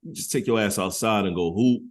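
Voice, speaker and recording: A man's voice: fairly low pitch, fairly quick. Joking man co-hosting a podcast. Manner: laughs often, joking. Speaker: podcast co-host. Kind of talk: casual podcast chat.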